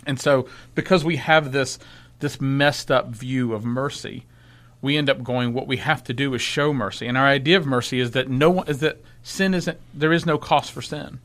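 A man's voice: mid-range voice, normal speed, fairly bright tone. A man co-hosting a church discussion podcast, thinking aloud and restarting his sentences as he searches for words. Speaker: podcast co-host.

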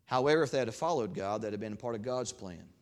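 A man pastor preaching a sermon. He swings from loud, raised peaks to quiet, conversational asides, and acts out God's words in a folksy voice. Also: fairly low pitch, lively intonation, fast talker. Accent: regional accent of his own.

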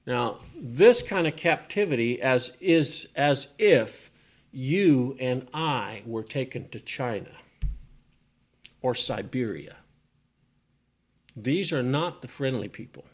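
A man preaching a sermon at a middle pitch. His delivery swings between big, emphatic rises and quiet, almost whispered passages as he reads scripture and then expounds on it. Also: lively intonation, slow pace, pauses often. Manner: swings from loud emphatic rises to hushed, near-whispered lines.

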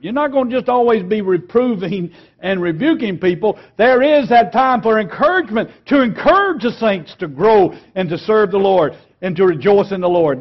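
Emphatic high-voiced male preaching teacher. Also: muffled recording. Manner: emphatic, slows and drops quiet on key words. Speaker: preaching instructor. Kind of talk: earnest teaching lecture on preaching.

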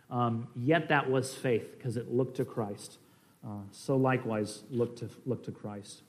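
Measured in pace, with a medium pitch and a steady tone, this male preacher delivers earnest, conversational teaching. His sermon alternates between strong emphasis and quiet asides, and he uses fillers and restarts sentences.

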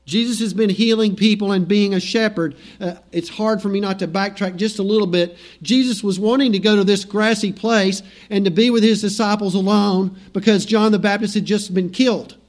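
A man's voice: high-pitched, fairly even intonation, brisk, few pauses. A middle-aged male pastor preaching a sermon in a conversational, storytelling way, acting out the lines of biblical figures.

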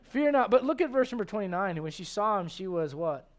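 A middle-aged male pastor preaching a sermon in an animated, joking way. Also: sits high, fast talker. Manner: animated, joking, acts out quoted voices.

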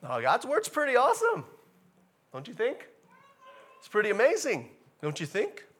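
A man preaching a sermon in a casual, animated way, repeating key phrases and rising to loud emphatic bursts. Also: very high-pitched, moderate pace. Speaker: pastor.

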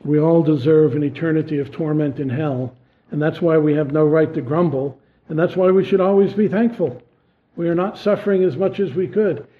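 Preacher, male, slightly high voice, earnest sermon delivery, narrow phone-like audio. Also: a little fast. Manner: earnest, rising to emphatic questions then dropping low. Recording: tinny phone-like sound.

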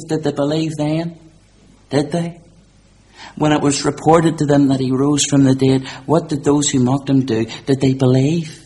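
A man preaching a sermon in an earnest voice that swings from hushed to raised and urgent. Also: medium pitch, a little hiss or hum.

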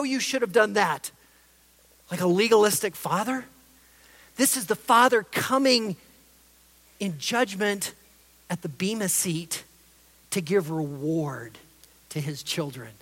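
A preacher giving an expository sermon, emphatic, swinging between loud stresses and soft asides. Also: medium pitch. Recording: long reverb of a large hall.

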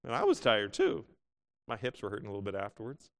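A male pastor preaching a sermon, moving from loud exclamations to quiet asides and reading scripture in older biblical wording. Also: lowish voice, wildly swooping pitch, fast. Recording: long hall reverb.

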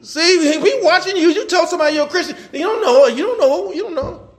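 A male pastor preaching a sermon, swinging from loud shouting to quiet asides, with colloquial talk and lots of repeated words. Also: very high voice, fast.

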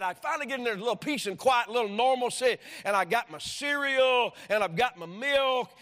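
A middle-aged man preaching a sermon, animated and repetitive, telling stories with sudden shouts. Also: extremely high pitch. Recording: long hall reverb.

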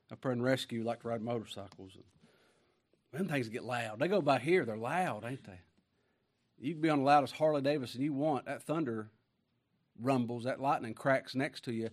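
Male preacher, mid-pitch, folksy sermon delivery with big swings in volume and slow, weighty scripture reading. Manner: folksy and conversational, swinging from hushed asides to booming emphasis; reads scripture slowly with stretched, weighty phrasing.

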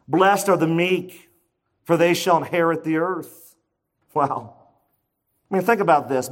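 High-voiced man preaching emphatically. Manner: emphatic, conversational preaching with rhetorical questions. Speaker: pastor. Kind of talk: sermon.

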